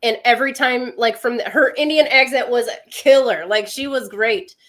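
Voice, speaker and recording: A woman's voice: fairly high pitch, moderate pace, fairly bright tone. A woman co-hosting an astrology livestream in casual, chatty talk, explaining things plainly and greeting viewers.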